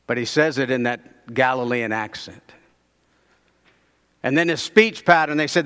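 Male preacher, slightly high voice, chatty sermon delivery, long hall reverb. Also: moderate pace, long pauses, fairly bright tone. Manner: conversational storytelling, asks the audience questions.

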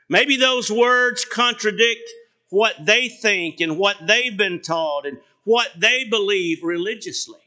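A middle-aged man preaching a sermon in a high, bright voice. He takes his time, leaning hard on key phrases and letting each line trail off low. He often throws rhetorical questions at the congregation. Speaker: pastor.

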